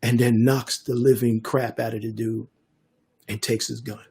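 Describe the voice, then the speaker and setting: An older man, a DJ and producer telling a story in a casual interview, animated and acting out the voices of others. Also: mid-range voice, moderate pace, breathy edge. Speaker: guest DJ and producer.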